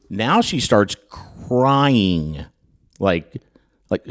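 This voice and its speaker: A man hosting a podcast, telling a funny personal story in casual chat, with many restarts and lively re-enactments. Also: deep voice, slow. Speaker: podcast host.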